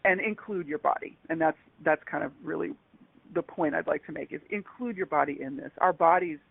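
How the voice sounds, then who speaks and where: A woman who is a guest on a radio talk show, speaking in a rambling, halting way with many restarts. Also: low-pitched, creaky, husky, no room sound. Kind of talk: casual radio interview chat. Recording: dry, tinny phone-line sound.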